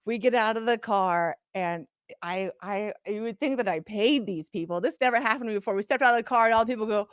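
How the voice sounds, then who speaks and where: A woman guest on a podcast, telling stories in a casual, animated, profane way, full of "like" fillers. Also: medium pitch, fast talker, clean tone, dry recording, clean studio sound. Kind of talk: casual storytelling chat. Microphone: podcast studio mic.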